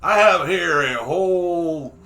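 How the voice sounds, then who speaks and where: A man playing a tabletop game, speaking loudly and playfully in character. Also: on the high side, takes it slowly. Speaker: player.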